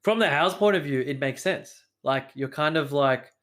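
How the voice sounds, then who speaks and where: A man's voice: fairly high pitch, normal speed, a bit bright. Easygoing man on a podcast. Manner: easygoing, full of fillers and repeated starts. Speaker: podcast co-host. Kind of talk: casual chat.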